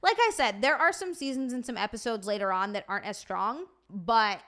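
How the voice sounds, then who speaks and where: Young woman streaming, chatty and sweary, talks to chat, kinda high voice. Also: brisk, pushed and bright. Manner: chatty, swears freely, reads chat aloud. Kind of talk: casual live-stream chat.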